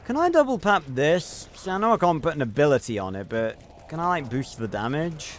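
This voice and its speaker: A man's voice: fairly high pitch, very animated, brisk, slight background noise. A man streaming a video game, giving casual, rambling commentary, thinking aloud and swearing freely.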